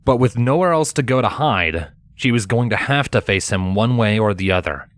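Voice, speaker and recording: A man narrating a fanfiction chapter as an audiobook, in a steady, measured storytelling manner. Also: lowish voice, no room sound. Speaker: audiobook reader.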